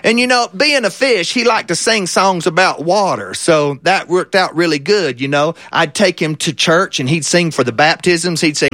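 A man voicing an old country man spinning a deadpan tall tale in a folksy drawl. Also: a little high, normal speed, few pauses, dry recording, clean studio sound.

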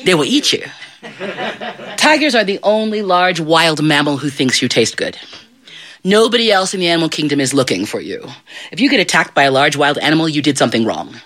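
A middle-aged storyteller performing live for an audience, animated and playful, often stopping to put questions to the room. The voice is bright and swings widely in pitch. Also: a little fast.

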